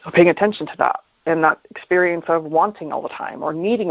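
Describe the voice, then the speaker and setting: Man talking slow and reflective about mindfulness, bit high, gravelly, dull dry lo-fi sound. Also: dry recording. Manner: thoughtful, unhurried, pauses often and restarts phrases. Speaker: podcast host. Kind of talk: reflective solo talk on mindfulness.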